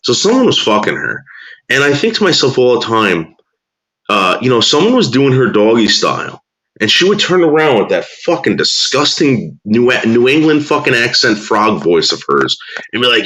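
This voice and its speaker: A man's voice: mid-range voice, sing-song, normal speed, sharp tone, slight background noise. A man ranting crudely and bitterly in casual talk, drawling some words and muttering others. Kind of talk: profane casual rant.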